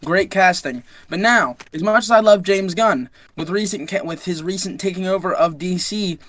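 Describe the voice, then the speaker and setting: A man's voice: high voice, moderate pace, fairly bright tone, no echo. A young man co-hosting a casual podcast, reading out news items and stumbling over names. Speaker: podcast co-host. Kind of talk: casual chat.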